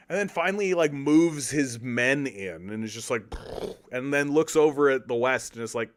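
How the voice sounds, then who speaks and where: A man's voice: medium pitch, normal speed. A man from Canada giving casual political commentary on an article, with profane, sarcastic, exasperated ranting.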